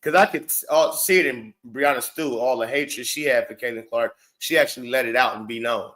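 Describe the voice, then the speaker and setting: A man's voice: medium pitch, a little fast, a bit bright. A man hosting a reaction show, talking back at a video clip in a blunt, mocking, profane rant. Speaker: show host reacting to clips. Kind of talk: heated reaction commentary.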